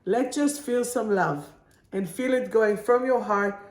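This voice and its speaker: A woman working as a spiritual coach, reading affirmation cards to viewers in a slow, soothing, affirming way during a live stream. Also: on the high side, reverberant.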